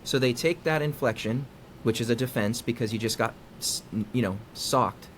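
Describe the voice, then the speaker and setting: A man, a psychologist being interviewed, explaining in a conversational way and acting out quoted dialogue with lively inflection. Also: mid-range voice, moderate pace, a little hiss or hum. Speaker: guest psychologist.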